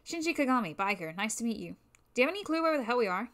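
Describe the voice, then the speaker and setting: A woman's voice: fairly high pitch, big pitch swings, rapid-fire, a bit bright. A woman voicing a level-headed young male biker who talks firmly and matter-of-factly. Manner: firm and matter-of-fact. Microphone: new microphone.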